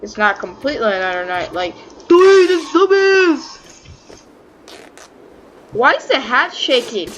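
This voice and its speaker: High, bright-voiced woman gaming. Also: takes it slowly, pauses often, slight background noise, rough recording. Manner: excitable, swears a lot, talks to the game. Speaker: gaming channel host. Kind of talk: casual let's-play commentary.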